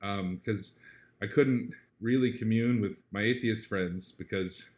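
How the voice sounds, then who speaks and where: A man with a low voice talks casually as an interview guest. He is earnest and reflective, tosses in "right?" often, and brightens up when telling a story. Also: measured pace. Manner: animated when retelling a story.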